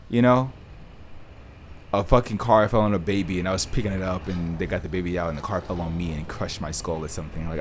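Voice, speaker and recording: A man with a very low voice talks his way through a game as the channel host. His pitch jumps around a lot. He swears freely and moves between loud outbursts and quiet muttering. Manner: animated, profane, swings between loud outbursts and mumbling. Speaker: let's play host. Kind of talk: casual gameplay commentary.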